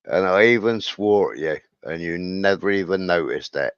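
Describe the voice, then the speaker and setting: A middle-aged man, speaking low at a moderate pace in a clear, resonant tone, recounts a school story in casual stream chat and animatedly acts out the dialogue. There's no room sound, and the audio is dull and lo-fi.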